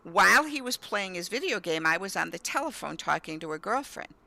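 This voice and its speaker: A woman in her fifties telling lively family anecdotes as a guest, often acting out a child's words. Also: fairly low pitch, a little fast, gravelly. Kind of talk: storytelling in casual conversation.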